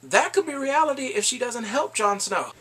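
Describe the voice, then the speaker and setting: A man casually reviewing a TV episode, retelling scenes excitedly and laughing often. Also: very high-pitched, moderate pace, breathy edge.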